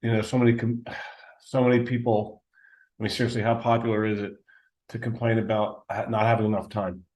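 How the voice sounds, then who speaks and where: A man's voice: lowish voice, level tone, fairly quick, darkish tone. A man hosting a podcast interview, speaking in a thoughtful, conversational way and giving short affirmations. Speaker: podcast host.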